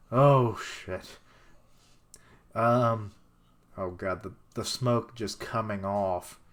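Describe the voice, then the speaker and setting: A young man streaming a live reaction to a comic chapter, excitable and casual, laughing and swearing and fumbling for names as he reads. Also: fairly low pitch, extremely slow, pauses often. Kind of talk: live reaction while reading aloud.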